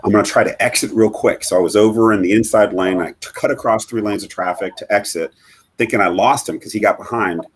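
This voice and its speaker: Low, husky-voiced middle-aged man, halting. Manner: halting and earnest, with many fillers and restarts. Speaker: guest, bereaved father. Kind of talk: telling a personal story in a live interview.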